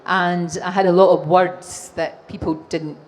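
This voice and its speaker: A woman in her sixties with a Glaswegian Scottish accent, a TV presenter answering audience questions on stage, animated and laughing often. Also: fairly low pitch, measured pace. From Scotland. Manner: animated storytelling with frequent laughs. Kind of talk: live stage Q&A. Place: exhibition hall stage.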